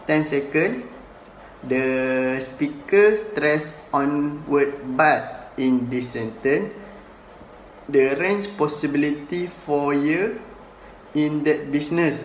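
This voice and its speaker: Male student presenter, slow and hesitant, echoey room with faint hiss. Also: a little high. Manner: halting, hesitant non-native phrasing. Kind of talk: class presentation.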